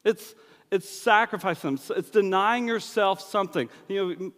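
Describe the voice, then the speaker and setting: A man's voice: high voice, a little slow, a bit bright. A man preaching a sermon in a loose, conversational way, acting out bits of dialogue. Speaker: pastor. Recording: long hall reverb.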